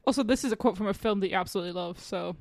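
A woman's voice: mid-range voice, racing, a little mellow, no echo. A young woman co-hosting a casual accent guessing game, laughing and self-deprecating. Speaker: co-host.

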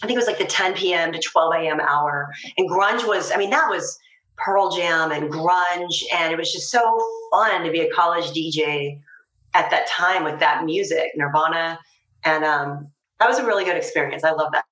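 Lowish-voiced woman chatting in an interview, laughs a lot, echoey room. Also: normal speed. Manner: lively, laughs often, chatty. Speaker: actress guest. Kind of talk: casual interview chat. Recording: roomy echo.

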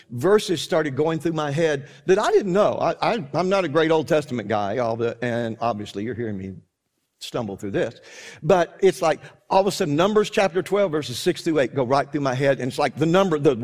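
A man's voice: on the high side, darkish tone. A man preaching a sermon in an earnest, conversational way, often restarting his sentences.

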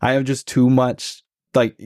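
A man in his twenties, a podcast guest telling a personal story in a relaxed, reflective way, with many filler words. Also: medium pitch, unhurried, dry recording, clean studio sound. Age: 20s. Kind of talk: casual storytelling conversation.

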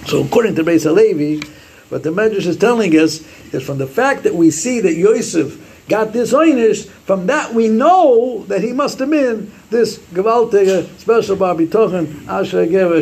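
A man teaches a Torah class with a raised, gravelly voice. His pitch swoops widely as he quotes Hebrew sources and acts out the sayings he explains. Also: animated, moderate pace, darkish tone, a little hiss or hum.

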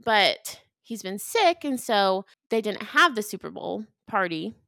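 A woman's voice: mid-range voice, sing-song, a little slow, creaky, fairly bright tone, no echo, clean studio sound. A woman co-hosting a marriage podcast, talking in a chatty, emotional way with lots of fillers. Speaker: podcast co-host. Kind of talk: casual chat.

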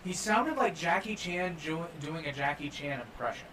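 A man co-hosting a podcast, chatting and joking in an animated way about a film. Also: a little high, moderate pace. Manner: animated, joking, lots of restarts. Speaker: podcast co-host. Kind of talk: casual chat and film review. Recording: distant mic, faint room noise.

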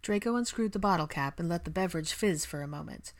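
A woman narrating a fan fiction audiobook in a steady storytelling manner. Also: fairly low pitch, quick pace. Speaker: audiobook reader.

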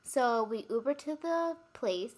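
A woman's voice: a little high, lively intonation, unhurried, a little mellow. A young woman co-hosting a casual chat podcast, telling stories with giggles and rambling asides. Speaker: podcast co-host.

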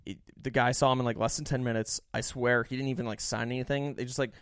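A young man casually telling a story in animated fashion, swearing freely, laughing often and mimicking other people. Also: medium pitch, fast, smooth, no room sound, studio quality.

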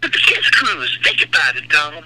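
A brash aging rock star, crude and sarcastic, with a high voice that leaps all over its range, as a man puts him on. He gossips and sneers at his fans. The radio call carries a clear layer of noise. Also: huge pitch swings, normal speed. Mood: mocking. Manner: crude, sarcastic, gossipy, calls the host by name. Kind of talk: comedic impression on a radio call.

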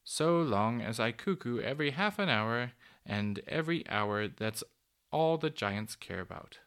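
A man voicing a kindly, lonely old female cuckoo in a storybook, with a soft, cooing, fussy, genteel manner. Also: medium pitch, lively intonation, unhurried, clean tone. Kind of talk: storybook reading.

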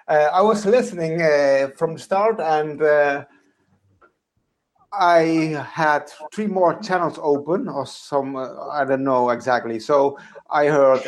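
A man's voice: a little high, slight background noise. A man from the Netherlands with a Dutch accent, a guest in a casual chat, hesitant with many fillers.

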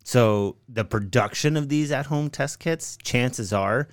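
A man's voice: medium pitch, takes it slowly, no room sound, clean studio sound. A man co-hosting a podcast in casual chat, telling stories in a laid-back way. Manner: laid-back storytelling, says like and right on. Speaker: podcast co-host.

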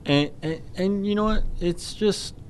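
A man co-hosting a casual sports chat, talking in halting restarts and giving blunt opinions. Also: high voice, clear, resonant tone.

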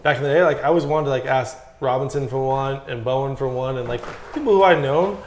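A man's voice: mid-range voice, fast, echoey room, slight background noise. A man talking as a guest pro BMX rider in a casual podcast chat, telling stories with lots of swearing. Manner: profane, animated storytelling.

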